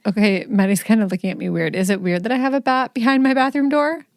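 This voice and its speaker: A woman's voice: medium pitch, fairly even intonation, fast, no room sound. A middle-aged woman and mother, co-hosting a casual podcast chat, blunt and joking as she acts out scenes from her stories.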